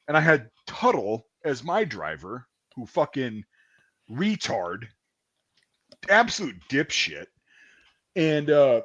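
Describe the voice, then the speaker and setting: A man hosting a casual chat, telling army stories in a loose, profane way. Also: a little high. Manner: animated, profane storytelling. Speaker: podcast host. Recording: dull lo-fi sound.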